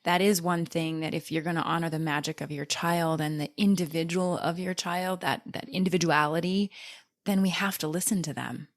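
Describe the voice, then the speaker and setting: A woman's voice: lowish voice, steady tone, normal speed, no echo, studio quality. A woman hosting a podcast, chatting with her guest in an affirming, conversational way. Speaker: podcast host. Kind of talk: heartfelt interview conversation.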